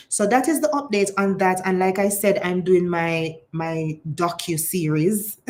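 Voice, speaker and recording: A woman's voice: fairly low pitch, a little mellow. Impassioned Jamaican woman commentator. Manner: impassioned, switches between patois and standard English. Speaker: political commentator. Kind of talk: casual vlog commentary.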